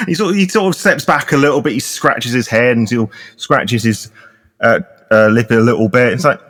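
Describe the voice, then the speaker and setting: A man's voice: medium pitch, brisk, fairly bright tone. A man running a tabletop game as game master, narrating in a casual, hesitant way.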